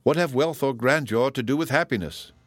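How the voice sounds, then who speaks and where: A man's voice: mid-range voice, brisk, no echo, clean studio sound, pitched above the performer's own voice, natural voice. A man voicing an ardent, earnest young woman in an audiobook reading, speaking with impassioned emphasis.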